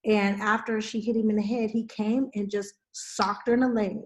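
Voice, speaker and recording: A woman podcast host in her forties, chatting casually and telling a story with lively acted-out dialogue. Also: mid-range voice, moderate pace. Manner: animated storyteller, acting out dialogue. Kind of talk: casual chat.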